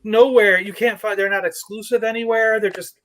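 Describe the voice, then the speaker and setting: A man co-hosting a casual live chat, talking in an animated way. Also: sits high, a little fast. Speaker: toy show co-host.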